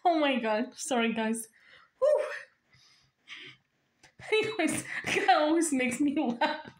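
A woman's voice: high-pitched, big pitch swings, slow pace. A woman telling a funny story straight to her viewers, talking casually and breaking into laughter again and again. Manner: giggly, keeps breaking into laughter. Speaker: storyteller vlogger. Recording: echoey room.

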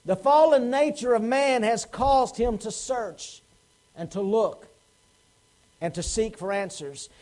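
A pastor delivers a Sunday sermon in a church sanctuary. His voice sits unusually high for a man. He presses the congregation with questions and acts out the lines of the people in his stories. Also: slow, a little mellow, poor audio. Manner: preaching with rhetorical questions and acted quotes.

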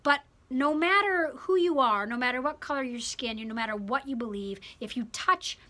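In a classroom lecture, a woman teaching a religion class speaks in an animated, emphatic way, repeating words for effect. Her voice is high and her pace moderate.

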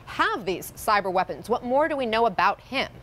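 A woman news anchor reading a report and interviewing a guest in a clear, measured broadcast delivery. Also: fairly high pitch, expressive, fairly bright tone.

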